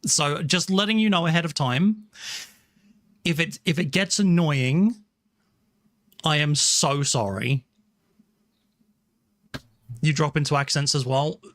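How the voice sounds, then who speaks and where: A man's voice: fairly high pitch, takes it slowly, pauses often, fairly bright tone, no room sound. A man from England with an English accent, chatting casually with viewers on a live stream from a small room at home. He thanks people by name, apologizes often and restarts his sentences as he talks.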